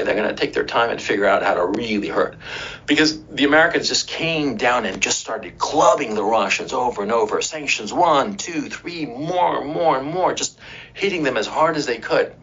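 A man's voice: mid-range voice, vocal fry, a bit bright, husky. A man giving a profane, emphatic commentary monologue on politics, full of rhetorical asides, often checking in with "right?" and "okay?". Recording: dull lo-fi recording.

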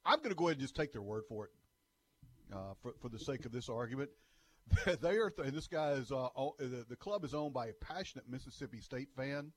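A man's voice: medium pitch, a little fast. A man co-hosting a sports talk radio show, telling jokey stories in casual banter. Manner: lively, jokey storyteller.

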